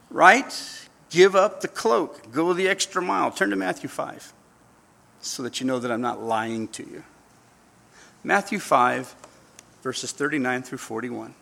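Preaching with humor, this man in his fifties brings his stories to life by performing different voices. He's a pastor whose medium-pitched delivery sounds pushed and bright, with vocal fry running through it.

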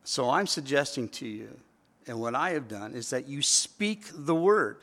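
A man's voice: mid-range voice, animated, a little slow, fairly bright tone, in a large hall. A man preaching a sermon in a conversational way, with emphatic repeated phrases. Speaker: pastor.

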